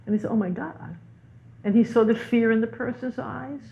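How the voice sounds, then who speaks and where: A woman's voice: on the high side, steady tone, fast talker, vocal fry. A woman guest teacher in a spiritual conversation, telling stories animatedly and repeating words for emphasis. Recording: tinny phone-like line.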